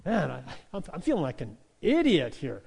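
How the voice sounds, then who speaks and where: A proud army commander grumbles to himself, self-conscious and embarrassed, voiced by a man retelling the story from the pulpit. The voice sits high and moves a lot, and the grumbling stays plain rather than theatrical. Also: wildly swooping pitch, normal speed, gravelly, a little mellow, breathy edge, in a large hall, heavily acted.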